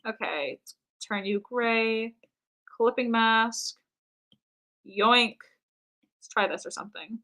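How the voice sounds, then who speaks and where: Young American woman, live-stream artist, chatty and self-mocking, higher and bright. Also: unhurried, low-quality recording. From United States. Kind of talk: casual chat while drawing.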